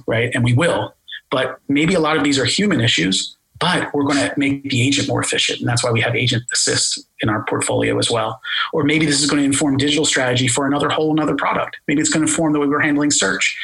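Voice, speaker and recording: A man with a Philadelphia accent explaining a technical product in an interview, talking fast and full of jargon. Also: medium pitch, creaky, a bit bright, slightly rough, poor audio. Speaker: tech company guest explaining voice AI.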